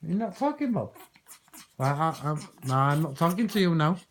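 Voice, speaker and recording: A woman's voice: sits low, big pitch swings, normal speed, slight background noise, poor audio. A woman talking casually to her pet parrot, coaxing and teasing it with playful swearing. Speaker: parrot owner.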